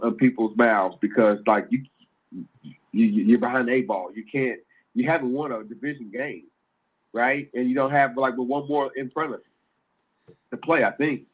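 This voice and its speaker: A man co-hosting a sports podcast who rambles through his points with lots of restarts. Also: mid-range voice. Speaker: podcast co-host. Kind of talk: casual sports chat. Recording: tinny phone line.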